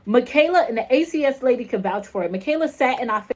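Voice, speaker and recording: High-pitched mom in her 30s ranting, exasperated and repeating herself. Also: animated, fast talker. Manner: exasperated, repetitive, pleading. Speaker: mother venting in her own video. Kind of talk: emotional vlog rant.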